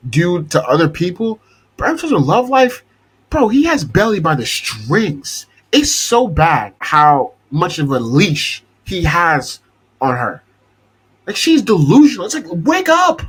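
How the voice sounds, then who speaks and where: A man's voice: sits high, a bit bright, slightly rough, low-quality recording. A young man hosting a podcast, ranting casually and exasperatedly about a TV show and swearing freely. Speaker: podcast host.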